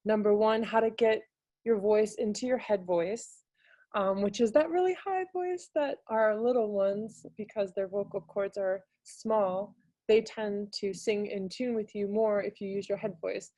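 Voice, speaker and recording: Woman presenter, mellow dry voice, casual and hesitant, on a video call. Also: unhurried, no room sound. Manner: casual and hesitant, many fillers, bursts into high singing demonstrations. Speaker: music teaching artist presenter. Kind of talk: webinar talk.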